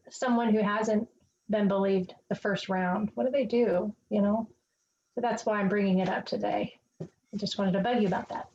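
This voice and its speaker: A woman's voice: medium pitch, a little mellow. A woman hosting a conversational interview, encouraging her guest as she listens. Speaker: podcast host. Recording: slightly dull sound with faint noise.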